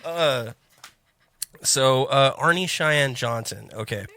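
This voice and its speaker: Bright-voiced rambling guy. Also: medium pitch, moderate pace. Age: 30s. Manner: rambling, repeats words, swears. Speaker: podcast co-host. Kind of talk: casual chat.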